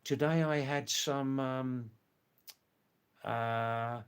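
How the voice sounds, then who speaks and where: An older man from England, hosting a live stream, chatting casually with viewers in a slow, rambling way full of hesitant fillers. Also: medium pitch, steady tone, clear, resonant tone. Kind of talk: casual live chat reading viewer comments.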